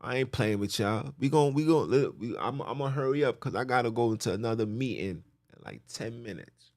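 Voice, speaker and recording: A man preaching from scripture on his podcast. His tone is blunt, emphatic and informal, and he often repeats himself for effect. His pitch sits in a middle range, and the sound is dry with no room echo. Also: a little fast. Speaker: podcast host teaching scripture. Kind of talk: preaching, reading and explaining scripture.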